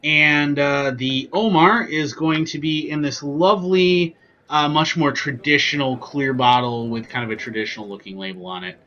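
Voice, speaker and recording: A man's voice: on the high side, normal speed, pushed and bright, highs cut off, slight background noise. A man hosting a casual whiskey tasting vlog, chatty and joking with lots of ums and asides. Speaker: whiskey reviewer, channel host.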